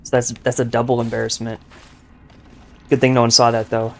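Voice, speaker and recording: A man's voice: mid-range voice, monotone, brisk, gravelly, faint music behind. A young man giving casual, joking gameplay commentary, boastful and rambling with lots of filler words. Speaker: gaming YouTuber.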